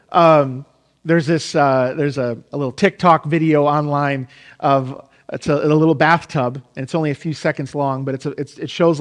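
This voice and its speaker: A man's voice: a little high, big-room sound. A man in his thirties, a pastor giving an informal, rambling sermon with frequent restarts.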